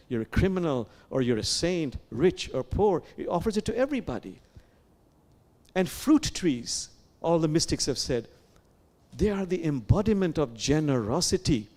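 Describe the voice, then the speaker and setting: A man leading a sermon as imam, speaking in an animated way with repeated phrases and questions to the listeners. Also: fairly high pitch. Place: sanctuary.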